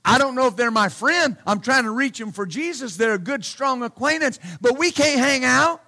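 A male pastor preaching a sermon bluntly and emphatically, often saying hallelujah and shouting his key points. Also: very high voice, expressive, moderate pace.

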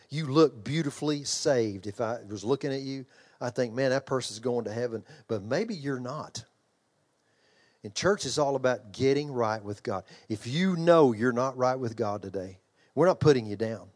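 A middle-aged man preaching a sermon in a church, with an altar call and an animated story told with yells and laughter. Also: mid-range voice. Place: church hall.

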